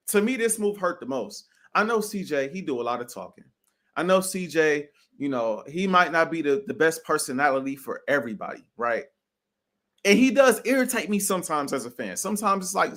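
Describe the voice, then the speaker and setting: A man's voice: high voice, moderate pace. A man co-hosting a sports podcast, talking casually with lots of slang and strong opinions. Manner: animated, slangy, keeps saying bro; opinionated and emphatic.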